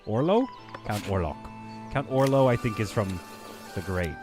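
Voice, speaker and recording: A man's voice: on the low side, big pitch swings, normal speed, over music. Man chatting through a game stream. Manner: rambling, thinking aloud, chatting to viewers. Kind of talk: casual gameplay commentary.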